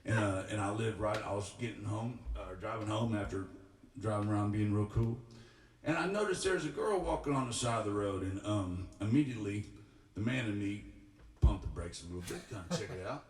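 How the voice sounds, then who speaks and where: A man's voice: lowish voice, fairly quick. A young man, a singer-songwriter, tells a rambling, self-deprecating story between songs at a live-streamed studio show. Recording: roomy studio, mic at a distance.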